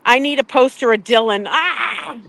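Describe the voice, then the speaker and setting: An older woman chatting casually on a live stream from outside a courthouse, animated and quick to laugh. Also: high-pitched, vocal fry, no echo, rough recording. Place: outdoors outside a courthouse, crowd nearby.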